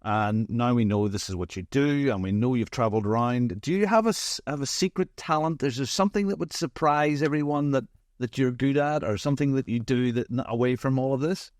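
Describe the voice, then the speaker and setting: A man's voice: medium pitch, fairly quick, no room sound. Man, host, casual interview, chatty, rambling, dry sound. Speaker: podcast host.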